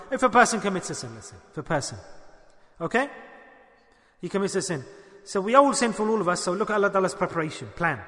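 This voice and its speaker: A man preaching a sermon, animated, questioning his listeners and acting out dialogues. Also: high-pitched, big-room sound.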